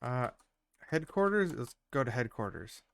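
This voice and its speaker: A young man live-streaming an old game, reading its story text aloud with dry asides, laughing easily and getting loud and excited over the gameplay. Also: medium pitch, moderate pace, gravelly, clear, resonant tone. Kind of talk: live-stream let's play commentary.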